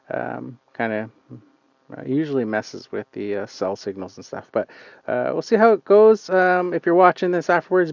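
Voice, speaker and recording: A man's voice: fairly high pitch, a little mellow, no echo, dull audio. Rambling man chatting on a live stream. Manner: rambling, hesitant, many fillers. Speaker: lawn care channel host. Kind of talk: casual live-stream chat. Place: outdoors on a client's lawn.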